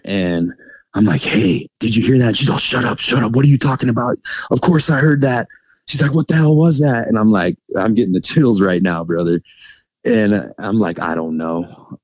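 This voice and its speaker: A podcast guest with a low, slightly mellow voice rambles through the story of an encounter, halting and restarting, filling gaps with "like" and "you know." The audio is poor but has no echo.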